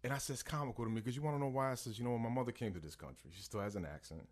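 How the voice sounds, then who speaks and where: A man in his thirties, co-hosting a podcast, telling a story in a casual, animated way and acting out the voices of the people he quotes. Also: medium pitch, racing. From born in Texas, Puerto Rican family. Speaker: podcast co-host.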